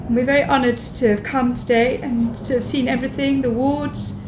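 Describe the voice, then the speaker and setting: A woman's voice: sits high, steady tone, brisk. Emotional woman in an echoey room. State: emotional, voice wavering. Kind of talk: emotional thank-you speech. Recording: echoey room with loud noise.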